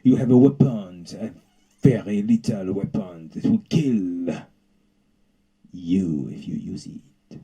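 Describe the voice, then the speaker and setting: A man playing Zeus, a pompous male king of the gods, in a husky, imperious voice. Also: sits low, takes it slowly, warm tone, heavily acted, poor audio. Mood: scheming.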